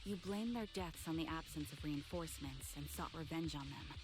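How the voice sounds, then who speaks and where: An actress playing a reserved female sniper agent in a video game, with a measured, serious delivery. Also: deep voice, music in the background, natural voice. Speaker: game character.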